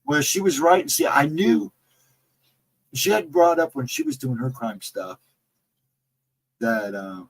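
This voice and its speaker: A man's voice: mid-range voice, big pitch swings, takes it slowly, long pauses, poor audio. A middle-aged man with a Central Ohio accent, chatting casually on a livestream. He rambles through stories, reads out chat comments, and has trouble with his R and W sounds. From Central Ohio, near Columbus. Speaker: livestream co-host.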